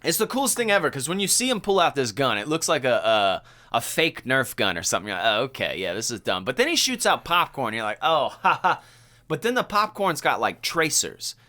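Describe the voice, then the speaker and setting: Man, podcast co-host, lively pitch, bright voice, chatty storytelling. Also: fairly quick, hardly any pauses. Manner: animated storytelling with fillers. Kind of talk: casual chat.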